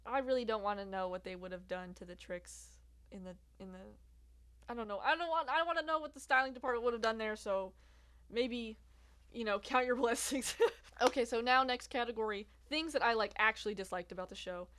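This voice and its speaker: A young woman chats through her review of a series outdoors, her voice sitting a little high. She laughs often and wanders through asides and fillers. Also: a little fast, a bit bright. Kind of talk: casual review chat. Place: outdoors in bright sunlight.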